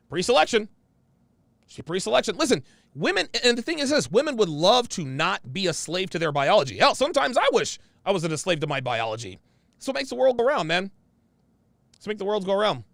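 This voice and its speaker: Loud brash guy reading chat comments, high voice that swings all over, gravelly, dry close mic. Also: big pitch swings, fairly quick, dry recording. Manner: brash, emphatic, repeats phrases. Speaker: show host reading viewer comments. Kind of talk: casual livestream commentary.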